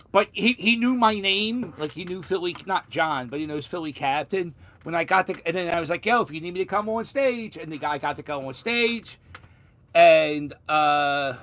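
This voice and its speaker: In a high, slightly bright voice, a Philadelphia man vlogs casually, his local accent clear. He rambles through a story, restarting himself and swearing here and there.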